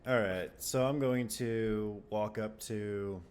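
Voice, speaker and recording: A man playing a tabletop game over a voice call, chatting lively with the game master in and out of character. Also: on the low side, slow pace, smooth. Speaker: player.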